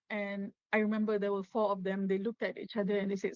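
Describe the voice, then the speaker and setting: A middle-aged woman, giving halting personal testimony as a webinar guest over a video call. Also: mid-range voice, little pitch movement, no echo. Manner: halting, many fillers and restarts. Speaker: guest, suicide loss survivor. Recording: dull, dry lo-fi webinar audio.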